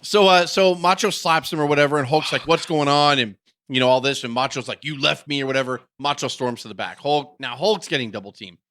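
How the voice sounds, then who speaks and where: A man with a bright, forward voice retelling a story on a podcast, quick to jump into voices. He is irreverent and self-mocking, recorded dry and close. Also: mid-range voice, dry recording. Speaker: podcast co-host. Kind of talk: casual chat, retelling with voices.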